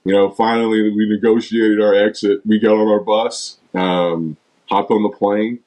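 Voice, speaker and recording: Middle-aged man, low voice, retired player guest, lively anecdotal storyteller. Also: normal speed, poor audio. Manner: animated storyteller, acts out teammates' lines. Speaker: former basketball player, guest. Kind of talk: casual storytelling interview.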